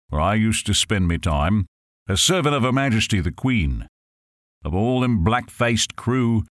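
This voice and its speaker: A man giving a dramatic poetry recitation, swelling loud on the refrains and dropping low on the ends of lines. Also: dry recording, studio quality. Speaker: poetry reader.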